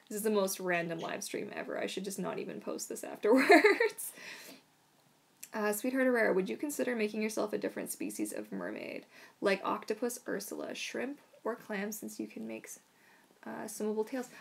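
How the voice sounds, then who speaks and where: Chatty woman with a gravelly voice. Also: on the high side. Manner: chatty, rambling, soothing her dog in whispers. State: unwell, throat trouble. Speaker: mermaid performer answering live questions. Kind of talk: casual live-stream Q&A.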